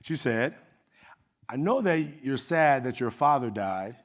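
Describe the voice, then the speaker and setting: A middle-aged man with an Oakland, California accent gives a keynote from a conference hall stage, speaking in an animated, medium-pitched voice at a measured pace. He relates a personal story conversationally and acts out the quoted dialogue.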